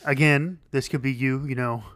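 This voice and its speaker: A man co-hosting a podcast in casual chat, rambling and halting with many fillers and restarts. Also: mid-range voice, fairly even intonation, a bit bright, no room sound, clean studio sound. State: losing his voice. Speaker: podcast co-host.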